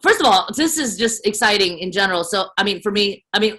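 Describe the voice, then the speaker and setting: A young woman from the United States chats over a video call with a bright, forward voice. She talks in an animated, emphatic way, rambling and piling on fillers as she goes. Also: medium pitch, fast. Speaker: actress guest. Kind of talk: casual video call conversation.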